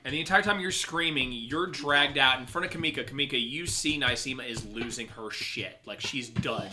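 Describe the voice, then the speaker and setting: A man's voice: medium pitch, normal speed, pushed and bright. Man narrating as game master.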